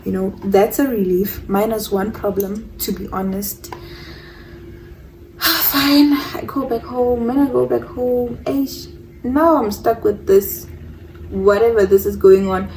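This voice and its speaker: A woman's voice: mid-range voice, fairly even intonation, unhurried, dark tone, recorded from a distance, slight background noise, rough recording. A young woman telling a personal story in a casual storytime, rambling, repeating herself and stumbling over words. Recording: voice a bit off-mic.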